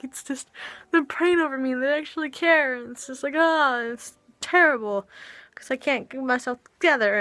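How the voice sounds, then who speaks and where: Halting young woman, bright voice. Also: on the high side, no room sound. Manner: halting, hesitant, with many restarts and sighs. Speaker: vlogger. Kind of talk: confessional vlog. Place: home.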